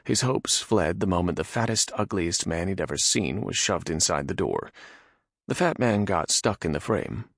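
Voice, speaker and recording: A man narrating a fantasy audiobook with lively storytelling delivery. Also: sits low, normal speed, vocal fry, breathy edge, dry recording, clean studio sound.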